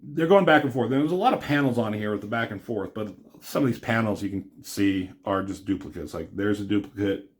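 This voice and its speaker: A man's voice: fairly low pitch, fairly quick. Rambling casual comic reviewer man. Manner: rambling, filler-heavy, paraphrasing dialogue.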